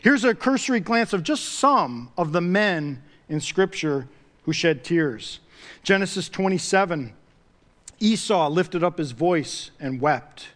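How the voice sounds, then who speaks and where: Delivering a sermon in a high-pitched male voice, this pastor is expressive, a little slow, and a bit bright. He speaks to the congregation in a relaxed, conversational way, rising into emphatic swells and repeating important phrases for weight.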